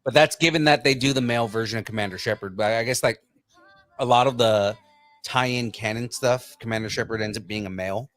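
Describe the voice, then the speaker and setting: A man's voice: medium pitch, brisk, a bit bright. A man co-hosting a casual pop culture podcast, talking with an enthusiastic fan's eagerness. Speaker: podcast co-host. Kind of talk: casual chat.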